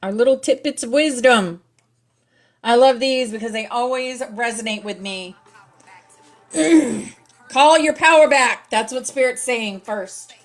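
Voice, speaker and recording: Slow, hoarse high-voiced woman host. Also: soft background music. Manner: slow, lively, says affirmations aloud. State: hoarse, scratchy throat. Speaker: spiritual class host. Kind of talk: casual livestream class, reading affirmation cards.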